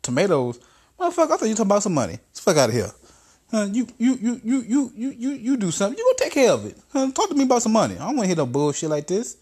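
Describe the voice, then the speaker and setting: A man's voice: high-pitched, huge pitch swings, very fast, darkish tone, husky, pitched above the performer's own voice, full character voice. A man voicing a brash, arrogant older president who is crude and barks profane orders. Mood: bossy, dismissive. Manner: bossy, profane, stammering demands.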